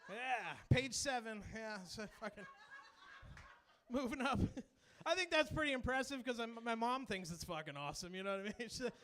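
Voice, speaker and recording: Brash, high-voiced male stand-up comic. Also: lively intonation. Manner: loud, brash, profane, quick to laugh. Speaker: stand-up comedian. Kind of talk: stand-up comedy set. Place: comedy club stage.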